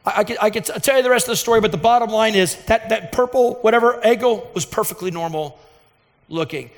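A man's voice: very high-pitched, fast talker. A man preaching a sermon as pastor, earnest and emphatic, telling a personal story with fervent intensity. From Texas, USA. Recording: reverberant hall sound.

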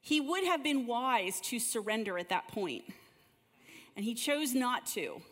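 Slightly high, expressive, a little slow and a bit bright, a woman's voice leads a church group session in a large room, echoing with long hall reverb. She prays and tells stories conversationally, often repeating words as she opens her sentences.

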